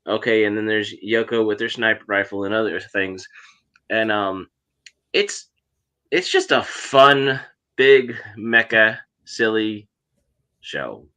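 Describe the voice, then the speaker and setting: A man co-hosting a relaxed anime chat with a bright, forceful tone. He thinks aloud in halting bursts and questions his co-hosts. His voice sits a bit low. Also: clear, resonant tone. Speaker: podcast co-host. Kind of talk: casual chat.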